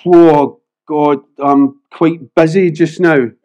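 A man's voice: on the high side, fairly even intonation, takes it slowly, dark tone, dull audio, voice pushed down. A man voicing Ananias as a nervous, reluctant man who stalls and hedges. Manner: hesitant, stalling.

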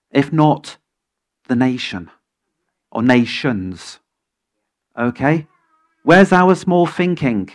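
A man preaching an impassioned sermon as pastor, firing questions at the congregation. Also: on the high side. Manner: impassioned, rising to emphatic peaks, asks the congregation many questions.

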